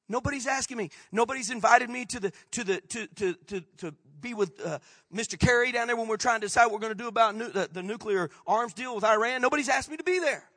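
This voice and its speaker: A man pastor delivers an impassioned sermon, his voice high and bright, rising to loud peaks and dropping to hushed prayer. His phrasing is informal and folksy. The sound is dry and close, with no room echo. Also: fast talker, few pauses.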